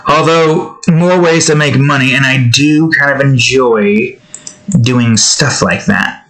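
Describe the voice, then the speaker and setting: A man's voice: mid-range voice, slow pace, fairly bright tone, rough recording. Rambling young man chatting while drawing. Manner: rambling, joking, self-interrupting, sings snatches off-key. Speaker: art streamer. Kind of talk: casual chat while drawing.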